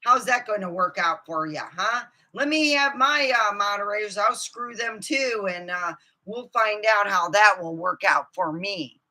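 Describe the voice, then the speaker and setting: A woman ranting profanely to her camera, swinging from low muttering to outbursts of shouting. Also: unhurried, few pauses. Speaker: vlogger. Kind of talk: angry ranting monologue.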